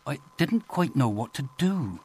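A man's voice: medium pitch, very animated, unhurried, darkish tone, breathy edge, heavily acted. A man voicing a big, anxious, rambling female nurse in an audiobook. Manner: hesitant, rambling.

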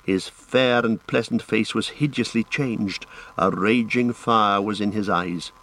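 Low-voiced man narrating an audiobook. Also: a little slow, fairly bright tone, poor audio. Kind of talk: scripted fantasy narration.

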